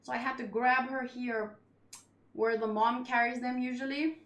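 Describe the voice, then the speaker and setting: A woman's voice: a little high, fairly even intonation, normal speed, a bit bright, reverberant. A woman hosting a casual manga read-along at home, chatty and rambling as she tells a story. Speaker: channel host. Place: room at home.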